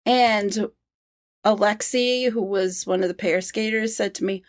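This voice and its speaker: Slow-talking, hesitant woman guest. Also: medium pitch, fairly even intonation, no echo, clean studio sound. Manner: slow, hesitant, with many ums. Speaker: podcast guest. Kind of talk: casual chat.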